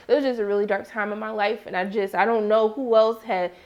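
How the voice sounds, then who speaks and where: A young woman reviewing a TV episode in a casual, animated chat, jumping into excited exclamations as she reacts. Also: brisk, highs cut off. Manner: animated, expressive, swings into high excited exclamations. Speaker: TV recap reviewer.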